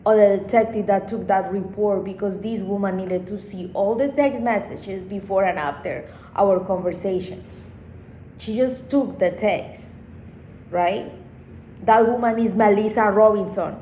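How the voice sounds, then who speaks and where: A woman's voice: medium pitch, unhurried, warm tone. A woman vlogger telling a personal story in a rambling, emotional way with frequent swearing. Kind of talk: casual storytime monologue. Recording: echoey room with faint background noise.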